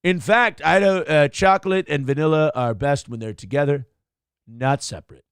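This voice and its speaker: A man putting on an impression of a brash older male politician who flatters everyone and repeats each phrase back. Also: a little high, moderate pace, clean tone, no echo, clean studio sound, pitched below the performer's own voice, lightly acted. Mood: schmoozing.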